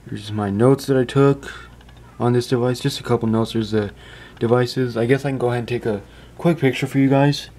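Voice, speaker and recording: A man's voice: mid-range voice, fairly even intonation, fairly quick, darkish tone, a little hiss or hum. A man giving a casual phone review indoors, chatty and stumbling over his words, often stopping to apologize. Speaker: tech reviewer.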